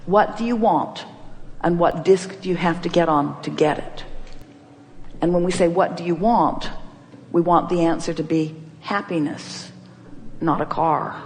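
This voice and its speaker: A woman's voice: lowish voice, unhurried, a little mellow, a little hiss or hum. A woman giving an inspirational seminar talk, emphatic and playful, repeating her questions to the audience. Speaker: inspirational speaker.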